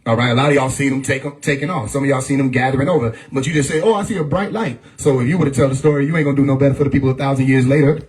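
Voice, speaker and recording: A man's voice: medium pitch, level tone, racing, hardly any pauses, darkish tone. Preachy man on a live stream. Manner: preachy, repeats "stay with me", laughs often. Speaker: livestream host. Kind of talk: casual livestream monologue.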